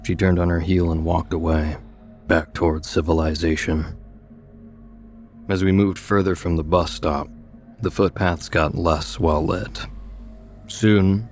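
A man narrating a first-person story in a measured, steady storytelling manner. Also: deep voice.

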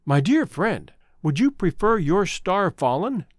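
A man's voice: sits high, very animated, a little slow, dry recording, studio quality. A man voicing an earnest young woman. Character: young woman, former chorus singer, remorseful.

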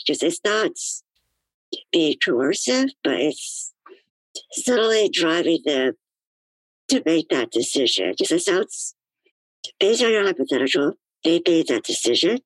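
A woman guest chats on a podcast in a thoughtful, musing way. Her pitch moves a lot as she works through ideas. The sound is close and dry. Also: big pitch swings, slow pace, pauses often, no echo, poor audio. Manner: thoughtful, musing, with many "you know" fillers. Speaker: guest, disability activist. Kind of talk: casual podcast chat.

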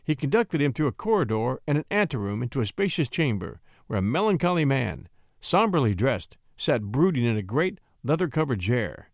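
A man narrating a classic short story in an expressive storytelling manner. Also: mid-range voice, normal speed, no room sound, studio quality. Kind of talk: scripted narration.

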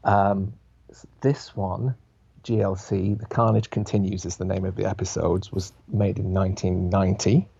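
A man's voice: deep voice, level tone, moderate pace, gravelly, dark tone, husky. A man guest on a podcast, explaining things thoughtfully in a casual chat, on a dull lo-fi line. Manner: thoughtful, explanatory, full of restarts and hedges.

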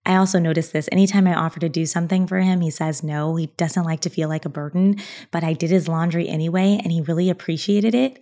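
A woman in her thirties hosting a podcast, telling a personal story in an earnest, reflective way, breaking into bright laughs. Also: lowish voice. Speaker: podcast host.

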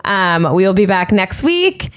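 A woman's voice: medium pitch, very animated, unhurried, clear, resonant tone. Chatty woman podcast co-host recapping gossip. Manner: recaps with many fillers, then reads the sign-off. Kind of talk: casual gossip chat.

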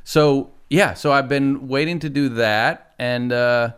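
A man's voice: mid-range voice, takes it slowly, fairly bright tone, smooth. A middle-aged man, a guest on a talk show, telling rambling stories in casual chat and often laughing.

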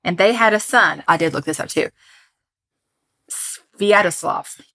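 A woman's voice: fairly low pitch, fast, sharp tone. A woman co-hosting a podcast, chatting casually and telling a history story, laughing often and joking about her pronunciation. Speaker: podcast co-host.

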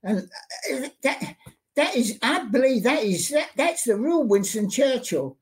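An elderly man spins stories for an interviewer, his voice animated and full of repeated words for emphasis. He is recorded at his home studio, slipping into the voices of people he remembers. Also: very high voice, a little slow. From London. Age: 80s. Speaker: interview guest, sports artist. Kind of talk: anecdotal storytelling in an interview.

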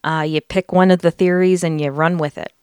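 A woman's voice: fairly low pitch, fairly even intonation, fairly quick, a little mellow, clean tone, dry recording, studio quality. A woman from the United States hosting a podcast, chatting casually and laying out facts with frequent fillers. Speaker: podcast host. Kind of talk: casual podcast chat and research narration.

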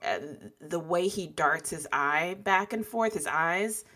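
A woman's voice: fairly low pitch, slow pace, pushed and bright. A woman co-hosting a podcast, chatting casually with slang and easy laughs. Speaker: podcast co-host.

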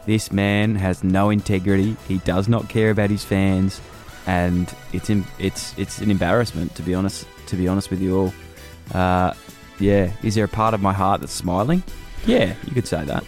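Young Aussie guy, lowish voice, sarcastic and sweary in podcast banter, faint music underneath. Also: steady tone, normal speed, a little mellow. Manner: teasing, sarcastic, swears freely. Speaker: podcast co-host. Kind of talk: casual banter. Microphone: remote call recording.

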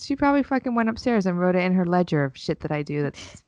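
A woman's voice: on the low side, big pitch swings, fast talker, a little mellow, no room sound. A woman in her forties, co-hosting a podcast and chatting casually, telling long rambling stories with lots of swearing and laughter. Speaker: podcast co-host. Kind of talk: casual chat. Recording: dull lo-fi sound.

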